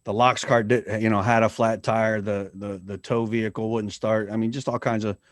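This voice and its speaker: A man's voice: fairly low pitch, little pitch movement, normal speed, no echo, studio quality. A middle-aged man talking as a podcast guest, blunt and earnest, and he swears freely. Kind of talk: candid conversation.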